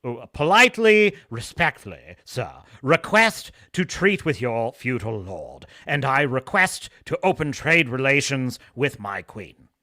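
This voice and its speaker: A man's voice: medium pitch, very animated, a little slow, pushed and bright, dry recording, clean studio sound, voice pushed down. A man voicing a pompous English sailor who speaks in stiff, overly formal phrases and turns indignant. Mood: stiffly formal.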